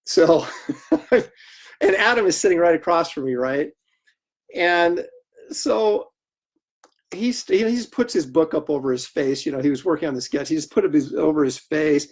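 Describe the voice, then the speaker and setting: A man's voice: fairly high pitch, moderate pace, pauses often. Chatty man telling stories while drawing. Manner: chatty, animated anecdotes with laughter and acted quotes. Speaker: comic artist hosting a livestream. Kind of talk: casual storytelling while drawing.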